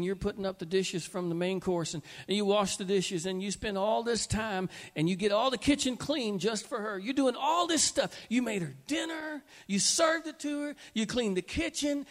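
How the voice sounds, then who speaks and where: A man preaching a sermon to a congregation in a church hall, impassioned and building to emphatic peaks. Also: sits high. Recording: echoey hall with long reverb.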